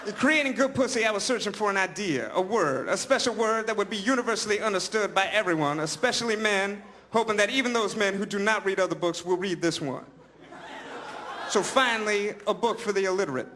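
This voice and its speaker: A man's voice: high-pitched, fairly quick, pushed and bright, slight background noise. Man reading aloud mock-earnestly. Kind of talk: reading a book aloud on stage.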